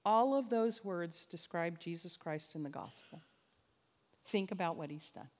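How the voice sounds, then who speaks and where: A woman's voice: fairly low pitch, measured pace, a little mellow. A woman preaching a sermon-style talk as a conference speaker, impassioned and emphatic, leaning on repetition. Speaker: conference speaker and biblical counselor. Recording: long reverb of a large hall.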